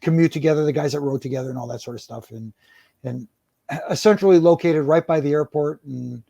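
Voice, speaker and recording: In a dry recording, a middle-aged man who used to referee wrestling tells meandering interview stories, chuckling and starting sentences over. He speaks briskly with a fairly high, mellow voice and some vocal fry.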